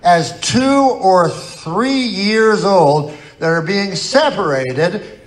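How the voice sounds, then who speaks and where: A man doing a stand-up comedy set, rambling and mock-earnest in a deadpan way, with sudden outbursts. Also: sits high, drawn-out words. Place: live comedy venue with laughing audience. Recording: live stage recording with crowd laughter and noise. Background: audience laughter.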